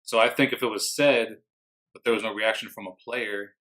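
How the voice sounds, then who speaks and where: A man co-hosting a sports podcast, low-key, mostly adding short points and agreeing. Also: steady tone, moderate pace, pushed and bright. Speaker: podcast co-host. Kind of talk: casual sports chat.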